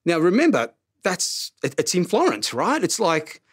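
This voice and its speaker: A middle-aged man preaching a sermon as pastor, animated and self-mocking, who often repeats his words. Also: high-pitched, measured pace, husky, no echo, studio quality.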